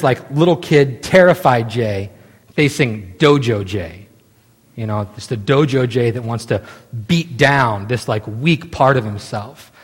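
A man in his thirties telling a long story casually, animated and full of restarts. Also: mid-range voice, husky. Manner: animated, many restarts and "right?" asides. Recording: long hall reverb.

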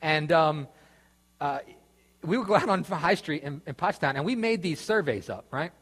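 Husky man telling a story in a hall. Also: fairly high pitch, lively intonation, moderate pace, a bit bright. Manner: rambling, casual, with many fillers and restarts. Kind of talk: storytelling sermon talk. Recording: reverberant hall.

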